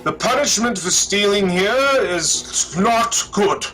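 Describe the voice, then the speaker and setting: A man voicing an excitable, rambling older male guide who talks fast and fussily, trailing off mid-thought. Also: high-pitched, faint music behind, full character voice, low-quality recording. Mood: warning. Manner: fast-talking, fussy, trails off.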